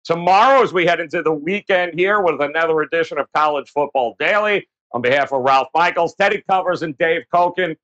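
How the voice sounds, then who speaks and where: A man hosting a sports betting show, upbeat and pitching the website between picks. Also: brisk, few pauses, a bit bright, muffled recording. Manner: upbeat, plugs the website often. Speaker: show host.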